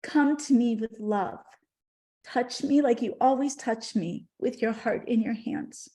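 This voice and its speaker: A woman voicing a gentle, loving horse spirit. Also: a little high, unhurried, close to an everyday voice. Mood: tender. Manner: soft, patient, tender.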